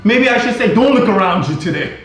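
A middle-aged male pastor preaching a sermon in a church, emphatic and repetitive, at times rising to shouts. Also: high voice, lively intonation, a little fast, faint music behind. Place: church sanctuary. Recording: very echoey hall.

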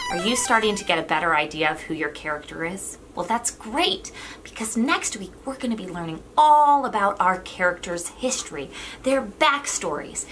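Lively, bright-voiced woman teaching drama. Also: moderate pace. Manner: playful, demonstrative, swoops between high and low. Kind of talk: online drama lesson for kids.

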